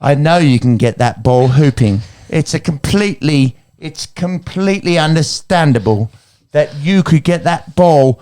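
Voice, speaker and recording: An Australian man putting on a famous actress's voice, speaking slowly in a soothing, motherly way. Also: fairly high pitch, mellow.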